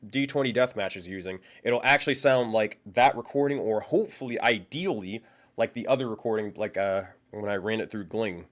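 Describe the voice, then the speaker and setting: Lively, chatty young man streaming live. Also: mid-range voice. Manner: loose, profane, laughs often, thinks aloud. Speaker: livestream host. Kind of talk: casual live-stream chat. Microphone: condenser microphone.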